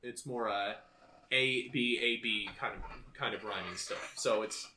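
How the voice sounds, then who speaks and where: A man's voice: fairly low pitch, fairly even intonation, a little slow, bright, forceful tone, a little hiss or hum. A young man co-hosting a podcast in casual chat, bookish and rambling, often restarting his sentences. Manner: reads poetry aloud. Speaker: podcast co-host.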